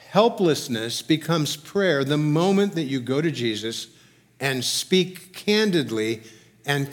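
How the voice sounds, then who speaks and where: A man preaching a sermon as pastor, reading scripture aloud with rising, emphatic delivery. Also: on the high side. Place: church sanctuary.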